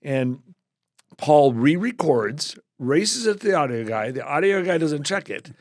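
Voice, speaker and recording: A middle-aged man, a weatherman guest on a podcast, telling animated anecdotes and acting out quoted voices. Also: on the high side, measured pace, dry recording, clean studio sound. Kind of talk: casual storytelling.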